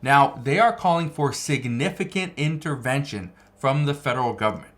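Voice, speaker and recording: A man's voice: mid-range voice, lively intonation, moderate pace, fairly bright tone. A man giving political news commentary, reading out articles and stressing his points by repeating phrases. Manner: emphatic, repeats key phrases.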